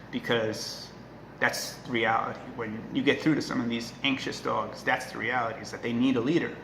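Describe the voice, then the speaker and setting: A man talking casually to the camera as a dog trainer, earnest and emphatic, often checking in with a quick "right?". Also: medium pitch, fairly even intonation, vocal fry, fairly bright tone. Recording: echoey room with faint noise.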